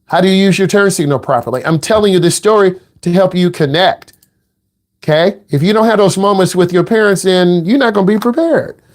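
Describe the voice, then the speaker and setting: A middle-aged driving instructor from the American Midwest talks a little fast in a high voice. His casual lesson is delivered bluntly and directly, with some teasing.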